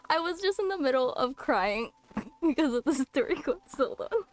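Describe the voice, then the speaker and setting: A woman cosplay streamer speaks live on a game reaction stream, tearful and shaken. Her voice sits very high. She is flustered and apologetic, breaking into laughter between her words. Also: expressive, moderate pace. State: tearful, emotional.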